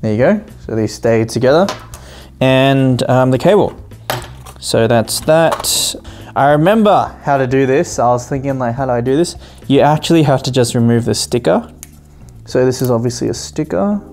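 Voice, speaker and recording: Tech-channel host, male, mid pitch; easygoing, enthusiastic unboxing chatter with frequent fillers and self-corrections. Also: a little hiss or hum. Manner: excited, chatty, often pauses with um and self-corrections. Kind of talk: casual unboxing narration.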